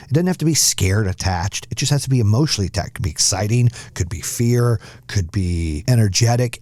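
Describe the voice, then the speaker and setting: A man's voice: on the low side, warm tone, no echo, clean studio sound. Blunt, fired-up man giving a pep talk. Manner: blunt, fired-up, swears freely. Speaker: podcast host. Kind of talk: motivational podcast talk.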